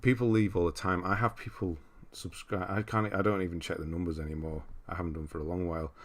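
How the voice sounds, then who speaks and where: Low-voiced man chatting on a livestream. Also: fairly even intonation, fast. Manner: rambling, reads viewer comments aloud and answers them. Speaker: livestream host. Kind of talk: casual livestream chat.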